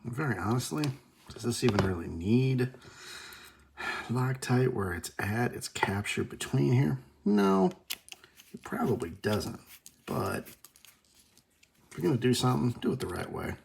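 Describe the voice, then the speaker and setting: A man's voice: mid-range voice, expressive, normal speed, vocal fry, pauses often, a little hiss or hum. A man hosting a casual workshop video, talking through his work at a bench with dry, self-deprecating asides and muttered remarks. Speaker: host. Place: workbench.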